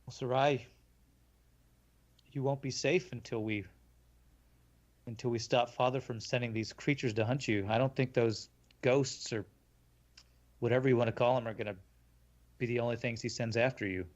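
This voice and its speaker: A man's voice: medium pitch, steady tone, moderate pace, pauses often, lo-fi sound, close to an everyday voice. A man voicing an earnest male protector who reassures a child in a tabletop game.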